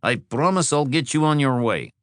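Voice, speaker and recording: A man voicing a friendly, energetic male mechanic who talks with light, helpful concern. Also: lowish voice, a little slow, no room sound, clean studio sound.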